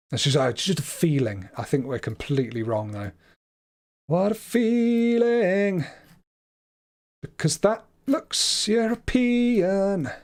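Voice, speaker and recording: A man's voice: mid-range voice, darkish tone. A man hosting a live stream, commentating a game as he thinks aloud in a chatty, hesitant way that often stumbles over his words. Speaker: livestream host.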